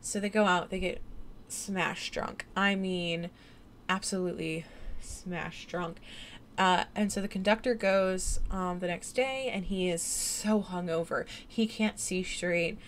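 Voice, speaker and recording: A woman's voice: lowish voice, takes it slowly, a little hiss or hum. A tired woman streamer chatting late at night, rambling and giggly with lots of fillers. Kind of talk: late-night casual chat.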